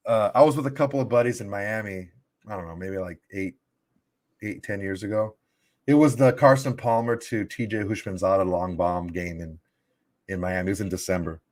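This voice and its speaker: A man's voice: lowish voice, fairly quick, a little mellow. A man co-hosting a post-game football podcast, telling a long story in a rambling, profane way. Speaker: podcast co-host. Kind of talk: casual storytelling chat.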